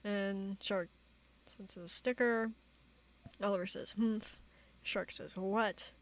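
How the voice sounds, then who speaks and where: A woman streamer giving casual commentary, reading out chat logs in a halting way with many fillers. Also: mid-range voice. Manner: halting, many fillers, reads quotes flatly.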